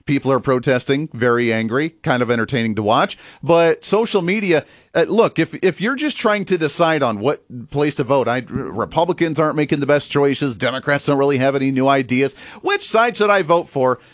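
Animated male political commentary host. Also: medium pitch, normal speed, few pauses, dry recording, studio quality. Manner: animated, mocking, laughs often. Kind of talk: opinion commentary.

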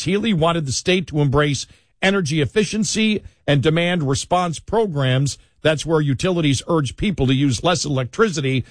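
A man's voice: a little high, no echo, clean studio sound. Sarcastic talk radio host, a man. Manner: sarcastic, mocking, mimics others.

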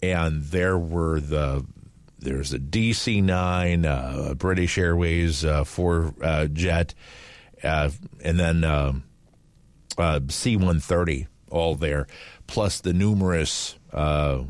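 A man's voice: rumbling low, slow pace, no echo. A man hosting a casual morning radio show, rambling with fillers and restarts. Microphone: studio microphone.

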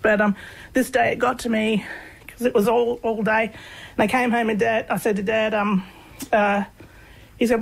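Gravelly husky Australian woman. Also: a little high, normal speed, poor audio. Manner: relaxed, rambling, peppered with "you know" and "um". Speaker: guest, researcher on humour. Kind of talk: casual conversational storytelling.

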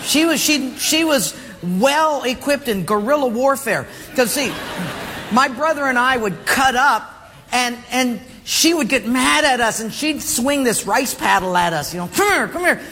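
A man's voice: extremely high pitch, lively intonation, measured pace, bright, forceful tone. A man preaching a sermon as a pastor, telling jokey stories and laughing along with them. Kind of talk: humorous sermon storytelling. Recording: long hall reverb, faint background noise.

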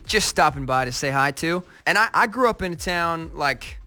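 A man's voice: on the high side, lively intonation, moderate pace, pushed and bright, faint music behind. A young American man from near Seattle, a pop singer being interviewed, enthusiastic and rambling with many restarts. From United States, near Seattle. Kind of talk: casual interview.

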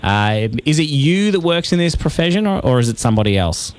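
A man's voice: fairly high pitch, sing-song, a little fast, clean tone. A man with an Australian accent hosting a radio show, casual and jokey, laughing often. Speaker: radio host. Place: radio studio.

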